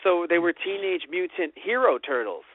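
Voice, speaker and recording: A man co-hosting a podcast, chatting casually with animated, rambling delivery and plenty of swearing. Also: sits high, moderate pace, dry recording. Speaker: podcast co-host. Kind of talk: casual chat. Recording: phone-like lo-fi audio.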